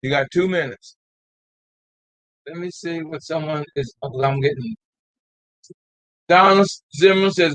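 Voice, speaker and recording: A man's voice: fairly high pitch, unhurried, pauses often, a bit bright, dry recording, dull audio. An older man hosting a live call-in talk show, exhorting his listeners in a repetitive, folksy way and calling them "y'all.".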